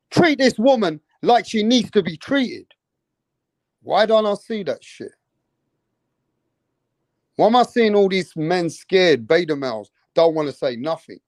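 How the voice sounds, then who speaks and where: Fired up guy ranting about boxing, cussing a lot, kinda high voice. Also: animated, a little slow, dry recording. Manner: indignant, ranting, heavy swearing. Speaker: boxing channel host. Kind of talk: heated casual commentary.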